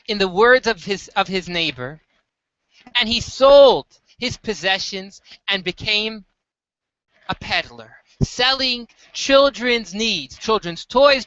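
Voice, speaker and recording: A teacher telling a story to a class in a lively way, acting out the voices of the people in it. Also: mid-range voice, slow, no echo, lo-fi sound. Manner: animated storyteller, acts out the dialogue. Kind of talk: storytelling lesson.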